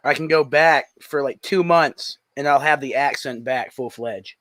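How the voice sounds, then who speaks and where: A man's voice: medium pitch, moderate pace, a bit bright, no room sound. A man from North Carolina, a guest musician, chatting easily in an interview over a call and often answering with short agreements. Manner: easygoing, short agreeing replies. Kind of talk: casual interview chat. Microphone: call audio.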